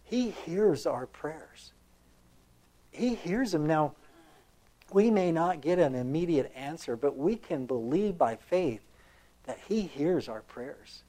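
A man's voice: fairly high pitch, expressive, takes it slowly, warm tone. A man preaching a sermon in a reflective, conversational way, full of fillers and restarts as he reads and comments on scripture.

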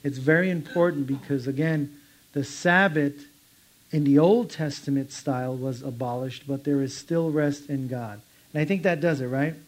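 A man's voice: mid-range voice, moderate pace. A man preaching an informal sermon, telling stories in a conversational way and acting out the people in them. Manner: conversational storytelling with quoted voices; laughs while telling stories. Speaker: pastor.

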